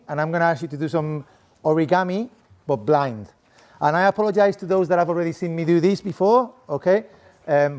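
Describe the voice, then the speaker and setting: Working the room in a playful, chatty way, a middle-aged sport coaching professor with a Spanish accent gives an interactive talk to a live audience seated at desks. His voice is slightly high with a darkish tone, and he keeps tacking "okay?" onto his lines.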